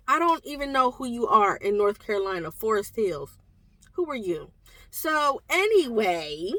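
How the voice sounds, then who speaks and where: Young woman from delaware, high lively voice, chatty and animated, takes her time, dry close sound. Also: dry recording. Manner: animated and chatty, exclaims and laughs. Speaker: book vlogger. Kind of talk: casual storytelling to camera.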